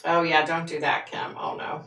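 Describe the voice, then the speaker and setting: A woman's voice: sits low, level tone, normal speed, fairly bright tone, recorded from a distance. A woman who is a psychic, hosting a casual live stream and answering viewer comments frankly, laughing often. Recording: echoey room, voice away from the mic.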